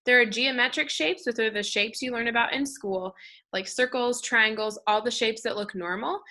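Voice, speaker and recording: A woman's voice: a little high, moderate pace, sharp tone. A woman teaching an art lesson to children, leading call-and-response chants with hand movements.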